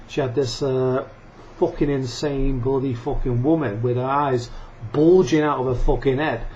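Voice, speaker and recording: Faint noise and a dull lo-fi quality mark this clip of a male vlogger cursing his way through an angry rant at the camera, with laughs and coughs in between. His voice is mid-range and a little mellow.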